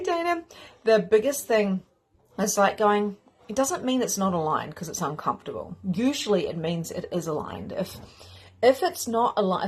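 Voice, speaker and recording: A woman's voice: mid-range voice, breathy edge. A woman spiritual coach on a casual, effusive live stream who talks straight to her viewers, greets commenters by name and swears freely. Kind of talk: live-streamed motivational talk.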